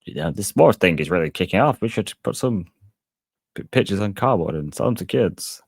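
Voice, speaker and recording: A man putting on a vague accent to voice an eager old-time card seller pitching an idea. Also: animated, a little fast, gravelly, no echo, studio quality, full character voice. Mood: scheming. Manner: put-on vague accent, salesy.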